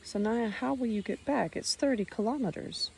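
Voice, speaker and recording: A woman's voice: a little high, moderate pace, vocal fry, darkish tone, slight background noise, voice pushed up. A woman reading the lines of an orphanage house mother, careful and kindly firm, in an audiobook. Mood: caring.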